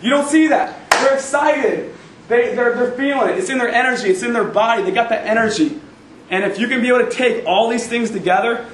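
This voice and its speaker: A young man with a fairly high voice speaks to a university crowd with punchy, repetitive emphasis. He is picked up from a distance, so the hall's echo carries his words, and a faint hum of room noise sits underneath. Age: young adult. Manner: energetic, emphatic, repeats phrases. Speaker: guest speaker. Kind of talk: motivational talk. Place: university event hall. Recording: echoey room, recorded from far off.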